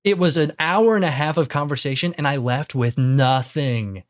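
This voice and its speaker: A man's voice: fairly high pitch, normal speed. A young man ranting casually to camera, exasperated and swearing freely, repeating himself as he gets worked up. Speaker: YouTuber. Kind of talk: ranting commentary.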